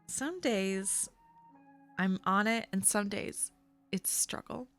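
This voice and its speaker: A woman's voice: medium pitch, slow, a bit bright, soft background music. A young woman hosting a casual livestream chat from her desk at home on a webcam. She is chatty and playful and coos to her cat. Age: young adult. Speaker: livestream host.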